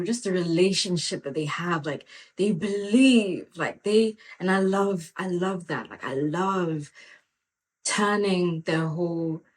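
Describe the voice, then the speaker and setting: A woman hosting a podcast, telling stories in a lively, conversational way and often dropping "like" and "you know" as she talks about faith. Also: fairly low pitch. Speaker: podcast host and faith mentor. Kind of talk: casual faith talk with storytelling.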